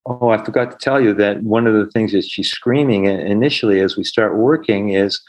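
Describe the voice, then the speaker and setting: A man's voice: on the low side, brisk, few pauses, rough recording. A middle-aged man, a healer, telling stories in an interview in an earnest way and acting out the voices of the people he quotes. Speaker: healer, podcast guest. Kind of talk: storytelling in an interview.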